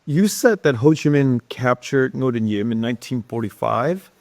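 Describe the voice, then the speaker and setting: A man's voice: medium pitch, lively intonation, normal speed, darkish tone, no room sound, clean studio sound. A man hosting a podcast who chimes in with short questions and brief agreeing remarks. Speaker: podcast host. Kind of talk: casual podcast conversation.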